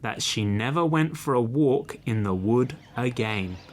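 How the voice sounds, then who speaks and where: A man narrating a children's storybook in an expressive, deliberate read. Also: mid-range voice, slight background noise. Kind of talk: slow storybook reading.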